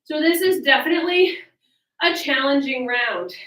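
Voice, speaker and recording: A woman's voice: high voice, animated, moderate pace, a bit bright, roomy sound, distant mic, poor audio. A woman fitness coach leading a workout, upbeat and coaching through the moves while out of breath. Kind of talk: workout instruction. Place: home workout space with fan.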